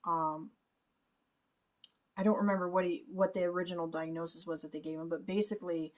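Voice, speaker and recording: A woman's voice: fairly low pitch, steady tone, fairly quick. A woman, a spiritual reader, talking through a music video and explaining it, often checking in with "okay?" and laughing lightly. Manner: explains softly, adds "okay?" and small laughs. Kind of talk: reaction commentary.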